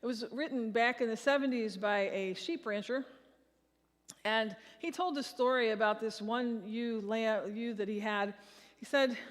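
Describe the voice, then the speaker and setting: A woman's voice: medium pitch, animated, measured pace. A woman pastor preaching a sermon to her congregation and leading them in a shared recitation. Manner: leads congregation in reciting a psalm. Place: large church sanctuary. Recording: long hall reverb.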